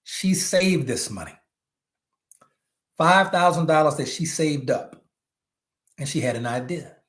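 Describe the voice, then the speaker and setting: A man giving a preachy motivational talk with a fairly high, very lively voice that swings up and down. He mixes in slangy asides and breaks into sudden shouts. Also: a little slow. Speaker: leadership trainer for network marketers.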